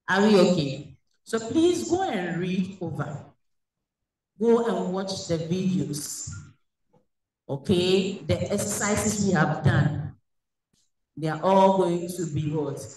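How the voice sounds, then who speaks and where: A woman's voice: mid-range voice, a bit bright, slight background noise. A woman teaching a French class over a video call. She poses questions to the class and then answers them herself. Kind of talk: online class lecture. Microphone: video call recording. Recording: echoey room, distant from the mic.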